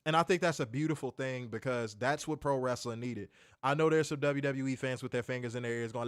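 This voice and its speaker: A man co-hosting a casual wrestling chat, joking, slangy and animated. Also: medium pitch, a little fast, smooth, no echo, studio quality. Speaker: podcast co-host.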